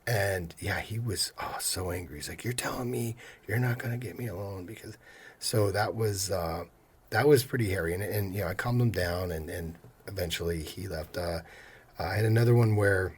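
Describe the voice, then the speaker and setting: A man's voice: low voice, husky. A man in his fifties, a mortgage loan officer, telling stories in a podcast interview and acting out his customers' lines. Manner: animated storyteller, acts out customers' lines. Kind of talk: casual storytelling interview.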